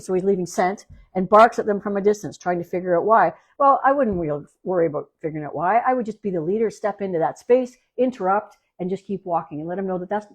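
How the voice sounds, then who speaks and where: A woman dog trainer talks through listener questions in a relaxed podcast style. Her voice sits at a middle pitch, and she is plainspoken, hammering home key points by repeating them. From Canada. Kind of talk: casual podcast advice.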